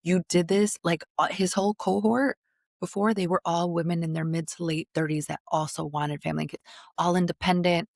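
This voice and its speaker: A woman in her thirties telling a story in casual chat, animated, blunt and profane, acting out what others said. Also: lowish voice, a little fast, vocal fry, no room sound, studio quality. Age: 30s.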